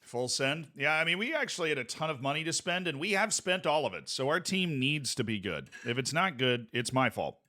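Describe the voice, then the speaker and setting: A man's voice: fairly high pitch, very animated, fairly quick, few pauses, bright, forceful tone. A man streaming a game and chatting casually with his viewers, joking around as he plays. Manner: goofy, playful, jokey asides to chat. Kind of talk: casual gameplay commentary.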